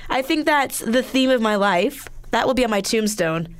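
A woman's voice: a little high, animated, moderate pace, clean tone, no echo. A middle-aged woman from Canada hosting a casual podcast chat, laughing often and poking fun at herself. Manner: giggly, self-deprecating, laughs often. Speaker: podcast host.

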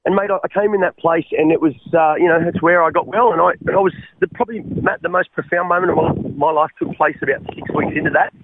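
Sharing personal testimony on the radio, an Australian man tells his life story earnestly, stumbling with frequent restarts and repeated "mate"s. His gravelly voice sits slightly high for a man, with a steady tone, a fast pace and hardly any pauses. The sound is a dry, tinny phone line.

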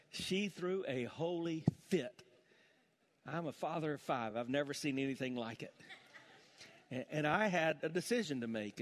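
A middle-aged man preaching a sermon, telling a family story and building to impassioned preaching. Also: a little high. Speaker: pastor. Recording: long church hall reverb.

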